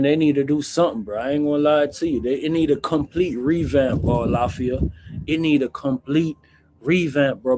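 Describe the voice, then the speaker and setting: A man hosting a casual live Q&A, talking bluntly in street slang and calling the viewer bro, with loud bursts when he acts out stories. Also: medium pitch, slight background noise. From Jamaica. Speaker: host answering viewer questions.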